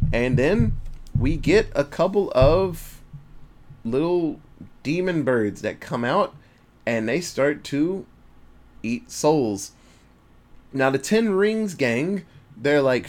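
Male podcast co-host, animated and profane, slightly high voice, loose casual movie retelling.

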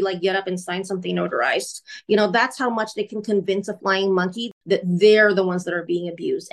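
Woman, podcast guest, earnest storytelling, acts out quoted voices, mid-pitched. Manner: earnest, re-enacts courtroom exchanges in quoted voices. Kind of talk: personal storytelling in an interview.

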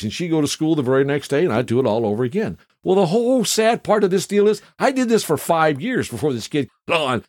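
A man's voice: on the high side, big pitch swings, fairly quick, hardly any pauses, darkish tone, no room sound, studio quality. A middle-aged man hosting a casual podcast, telling stories in a rambling, chatty way with asides to the listener. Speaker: podcast host.

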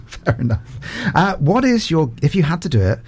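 A man hosting a radio show, firing off playful quick questions and laughing often. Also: on the high side, big pitch swings, a little mellow, soft background music. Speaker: radio host. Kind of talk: casual quick-fire interview.

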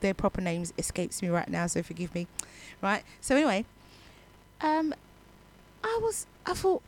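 A woman's voice: mid-range voice, very animated, normal speed. A woman radio DJ with a young child, telling a story in a chatty way between songs, her throat still recovering. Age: adult parent. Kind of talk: casual radio chat.

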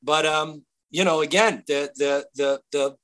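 Male actor guest, slightly high voice, bright tone, lively anecdotes full of restarts. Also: unhurried. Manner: animated, many restarts and fillers. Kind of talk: casual interview storytelling.

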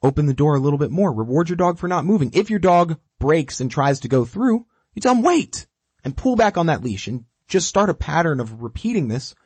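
A man's voice: fairly high pitch, brisk, hardly any pauses, slightly rough, no echo. A man teaching dog training, coaching step by step in a direct, repetitive way and acting out what the dog thinks. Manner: animated, acts out the dog's thoughts. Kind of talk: instructional talk.

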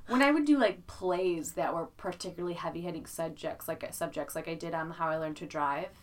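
A woman co-hosting a podcast in casual chat, talkative and quick to laugh. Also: lowish voice, far from the mic. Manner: chatty, laughs often, animated storytelling. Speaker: podcast co-host.

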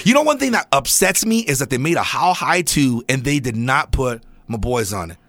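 A middle-aged man chatting casually, telling an excited, animated story. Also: mid-range voice, normal speed, dry recording, clean studio sound. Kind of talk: casual chat.

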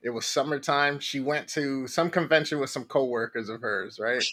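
A man telling an animated story in casual chat, swearing freely and acting out the quotes. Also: mid-range voice, normal speed.

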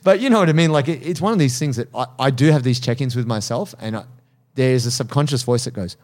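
A man's voice: medium pitch, fast, darkish tone. A man hosting a casual podcast, talking animatedly about jiu-jitsu coaching, laughing often and swearing casually.

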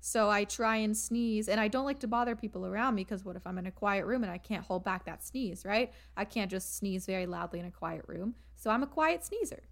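A woman's voice: medium pitch, brisk, gravelly, few pauses. A young woman co-hosting a casual podcast chat, laughing often and telling stories with animation. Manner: giggly, animated storyteller. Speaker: podcast co-host. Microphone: remote call mic.

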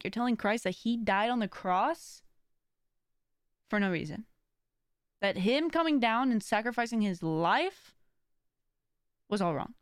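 Woman podcast host, chatty and encouraging, clear smooth voice, dry close sound, peppers her talk with "like". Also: medium pitch, no echo. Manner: chatty, full of "like" and "kinda"; earnest and encouraging. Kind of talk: casual faith-based motivational talk.

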